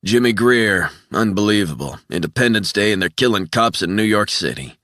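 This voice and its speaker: A man's voice: fairly low pitch, lively intonation, normal speed, fairly bright tone, no echo, clean studio sound, pitched above the performer's own voice. A man voicing a burly, red-faced former police officer who swears and talks in a heated, raised voice. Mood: worked up.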